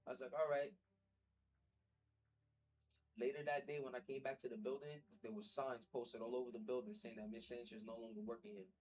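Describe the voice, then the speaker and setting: A man's voice: medium pitch, steady tone, fast, hardly any pauses, darkish tone, husky, poor audio. A young man talking earnestly and at length about his struggles in a rambling, repetitive way, as a vlogger. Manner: earnest, rambling, repeats himself. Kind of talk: casual personal talk to camera.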